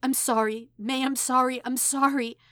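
A woman voicing an anguished, stubborn teenage boy in an audiobook reading, shouting in bursts. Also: medium pitch, expressive, normal speed, no echo, clean studio sound, close to an everyday voice. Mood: pleading. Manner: shouting in bursts, then pleading.

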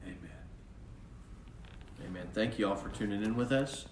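A male pastor preaching a sermon in a repetitive cadence that swells with fervor and then softens into prayer. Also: fairly low pitch, steady tone, fast, a little hiss or hum. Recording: roomy echo, mic at a distance.

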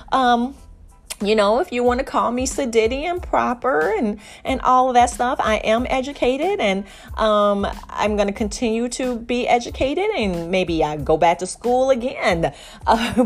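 A middle-aged woman from Chicago hosting her own podcast, talking candidly in a rambling way with many restarts and fillers. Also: mid-range voice. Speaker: podcast host. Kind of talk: casual solo podcast monologue.

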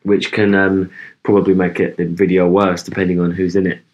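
A man's voice: deep voice, little pitch movement, fairly quick, darkish tone, muffled recording. A young man co-hosting a podcast in loose casual chat, rambling with lots of ums and swearing. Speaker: podcast co-host.

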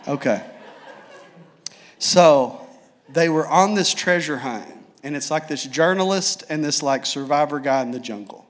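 A man preaches in a relaxed, humorous way, sprinkling his sentences with "like". His voice sits a bit high for a man. He tells stories loosely, with energy. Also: moderate pace, slight background noise. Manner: casual, joking, animated retelling with filler "like". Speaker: pastor. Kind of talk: sermon with humorous storytelling.

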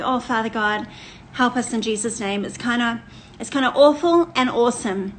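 A woman's voice: fairly high pitch, a little hiss or hum, low-quality recording. Chatty Australian woman pastor. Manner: animated, chatty and warm to viewers, with laughter. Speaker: pastor and podcast host. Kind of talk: casual live-stream chat. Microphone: live-stream setup in front of a screen.

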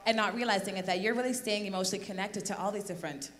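A woman's voice: mid-range voice, steady tone, very fast, a bit bright. A woman on a church panel reflecting earnestly on her relationship, recorded in a large church hall. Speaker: church speaker, wife. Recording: hall reverb with faint hum.

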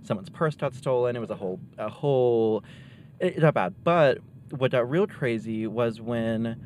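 A young man casually telling a wild story from his high school days, acting out the voices of the people in it. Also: moderate pace, a little hiss or hum. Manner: animated, acts out quoted voices. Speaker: storyteller guest.

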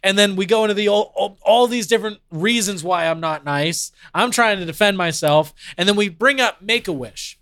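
A man's voice: high-pitched, normal speed, hardly any pauses, smooth. A man co-hosting a podcast in casual chat, laughing often as he tells stories. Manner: laughs often, animated storytelling. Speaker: podcast co-host.

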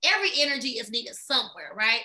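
A woman chatting casually about astrology in an animated, filler-heavy way. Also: a little high, fast talker. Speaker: astrology guest. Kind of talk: casual chat.

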